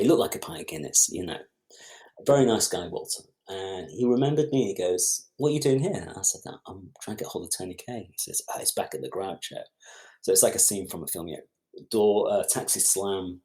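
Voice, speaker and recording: A middle-aged man, a film director and podcast guest, telling a long anecdote and acting out other people's lines as he goes. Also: low voice. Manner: lively storyteller who acts out other people's lines. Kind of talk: anecdotal storytelling in conversation.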